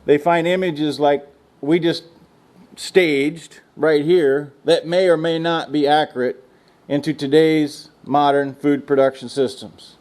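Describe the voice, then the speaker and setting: A middle-aged man from the United States tells ranch stories to a room of students in a folksy, joking way. His voice sits a little high for a man. He speaks as a guest speaker in a lecture room. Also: darkish tone. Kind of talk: storytelling talk to students.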